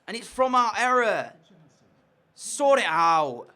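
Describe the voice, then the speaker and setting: Excitable young gaming commentator. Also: male voice, sits high, slow pace, pauses often. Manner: swings from frustrated muttering to shouted excitement. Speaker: gaming YouTuber. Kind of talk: game commentary.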